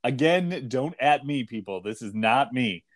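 A man's voice: mid-range voice, animated, measured pace. A man hosting a podcast, making dry, wry asides in a casual discussion. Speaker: podcast host.

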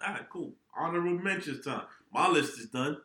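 A man in his thirties, co-hosting a podcast in casual, animated chat, swearing freely and laughing often. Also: a little high, fairly quick. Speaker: podcast co-host. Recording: echoey room.

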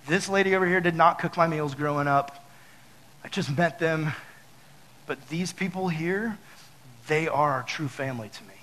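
Animated high-voiced young preacher. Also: male voice, poor audio. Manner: animated, acts out his panic with loud high outbursts; talks straight to the audience with many fillers. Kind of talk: casual sermon with storytelling.

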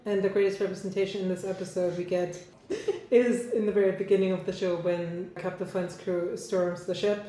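A woman's voice: mid-range voice, steady tone, normal speed, dark tone. A young woman co-hosting a casual podcast, thinking aloud and laughing often. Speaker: podcast co-host. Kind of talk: casual chat. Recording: very echoey room.

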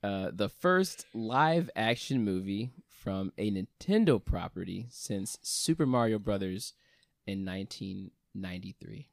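Gravelly, low-voiced young man hosting. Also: unhurried, no room sound, clean studio sound. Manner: upbeat intro, then relaxed and joking. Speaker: podcast host. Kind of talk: casual podcast chat.

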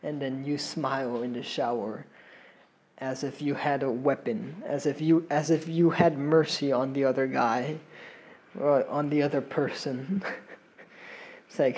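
A man's voice: medium pitch, steady tone, measured pace, darkish tone, breathy edge, rough recording. A young man hosting a solo podcast with a slight Latin American accent, rambling, laughing and swearing while he paces around a room. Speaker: podcast host. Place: indoors, pacing around a room.

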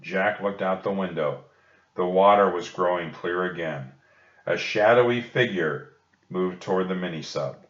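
Here a slow-speaking man with a deep, low voice reads aloud from a children's book, soothing and comforting his young listeners. The sound is muffled and echoes off the room.

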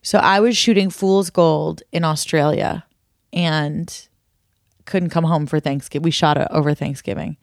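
A woman's voice: low-pitched, fairly even intonation, measured pace, gravelly, dry recording, clean studio sound. A woman co-hosting a podcast in casual chat, telling stories and laughing often. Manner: chatty, storytelling, laughs often. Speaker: podcast co-host.

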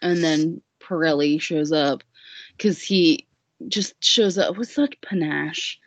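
Her voice is low and unhurried, recorded dry. She's a podcast guest casually recapping the story of a musical, rambling and joking with many fillers in a dull lo-fi recording.

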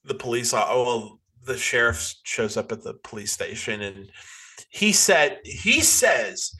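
A man's voice: medium pitch, lively intonation, a little slow, pushed and bright. A man in casual podcast chat, retelling a movie with exasperated swearing. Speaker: podcast co-host.

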